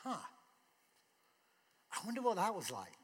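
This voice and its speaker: A man's voice: sits high, wildly swooping pitch, measured pace, husky, in a large hall. A man preaching a sermon in a conversational way, asking rhetorical questions. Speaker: pastor.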